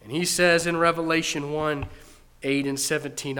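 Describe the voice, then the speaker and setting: A male preacher delivering a sermon emphatically, rising to loud proclamations. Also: on the high side, fairly even intonation, normal speed.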